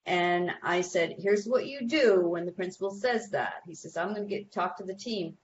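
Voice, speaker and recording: Lively woman giving school advice. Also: fairly low pitch, moderate pace, muffled recording, slight background noise. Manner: animated storytelling, acts out quoted people. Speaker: guest behavior expert. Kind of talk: advice on a talk show.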